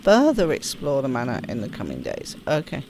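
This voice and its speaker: A woman's voice: extremely low pitch, wildly swooping pitch, fairly quick, background noise. A woman casually commenting on a game she is playing, chatty and self-deprecating as she reads the on-screen text aloud. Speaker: gaming streamer. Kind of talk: casual let's-play commentary. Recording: voice over clear game music.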